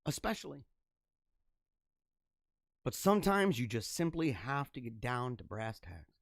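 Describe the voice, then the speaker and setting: A man's voice: mid-range voice, very animated, normal speed, dry recording. Fervent preaching man, dry close sound. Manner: fervent, preachy, swings from hushed to loud. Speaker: host of a live religious show. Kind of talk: impassioned live-stream monologue.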